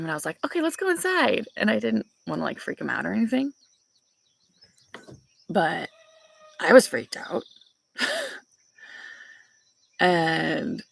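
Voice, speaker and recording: Young woman, gravelly and husky, chatty storyteller, porch vlog with birds outside. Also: low-pitched, a bit bright. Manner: chatty, storytelling, laughs often. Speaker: vlogger. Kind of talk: casual chat with live viewers. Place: back porch outdoors.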